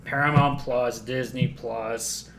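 A young man co-hosting a casual podcast, animated and retelling scenes with quick put-on voices. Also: mid-range voice, vocal fry, slight background noise. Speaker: podcast co-host. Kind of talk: casual chat.

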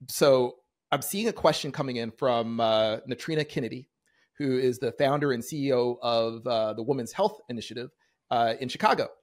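A man hosting an interview, asking questions and reading them out from the audience, halting with many "uh" sounds. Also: mid-range voice. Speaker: interview host.

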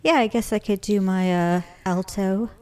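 A woman's voice: medium pitch, steady tone, moderate pace, a little mellow, clean tone. A woman co-hosting a podcast in casual chat, throwing in short, dry, bawdy quips. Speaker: podcast co-host.

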